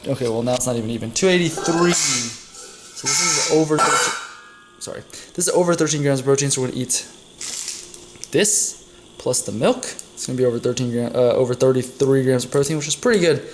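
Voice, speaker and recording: A man's voice: medium pitch, vocal fry, darkish tone, a little hiss or hum. A young man casually narrating his day's food while making coffee at home, chatty and rambling, often correcting himself. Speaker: vlogger. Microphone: camera mic.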